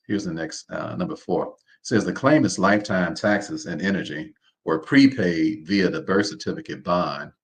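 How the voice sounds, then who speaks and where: A man hosting a live online seminar. He talks in an informal, preacher-like way, repeats his phrases and keeps calling on the listeners to respond. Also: deep voice. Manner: preacher-like, calls on the audience to respond. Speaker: host.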